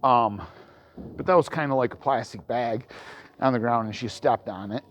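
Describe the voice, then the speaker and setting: A man in a relaxed outdoor vlog, talking through his horse work in a halting, rambling way, full of ums and false starts. His pitch sits in an ordinary middle range, and his voice rises and gets louder when he calls out to the animal. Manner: rambling, hesitant, many restarts and ums. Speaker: horse trainer. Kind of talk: casual vlog talking while working a horse.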